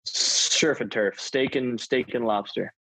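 A man's voice: medium pitch, slow pace, creaky, a bit bright, no room sound, low-quality recording. A man being interviewed about his acting work, chatty and self-deprecating, slipping jokes into his answers. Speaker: actor, interview guest. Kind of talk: casual interview chat.

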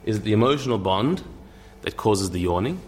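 A man's voice: on the low side, lively intonation, brisk, a little hiss or hum. A man giving a conversational lecture, thinking aloud with repeated words and restarts and tossing in wry asides.

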